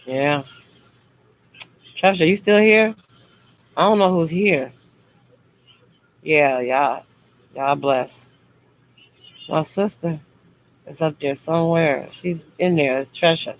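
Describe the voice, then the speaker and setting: A woman's voice: deep voice, slow, long pauses, rough recording. Blunt, harsh-sounding woman livestreamer. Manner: talks harshly and bluntly, as she says, but means no harm. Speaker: livestream host. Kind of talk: casual livestream chat.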